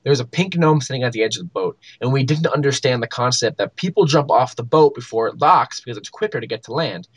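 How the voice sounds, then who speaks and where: A man's voice: medium pitch, lively intonation, fast, few pauses, husky, dry recording. A young man co-hosting a gaming podcast, telling stories in casual chat with many likes and ums. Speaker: podcast co-host.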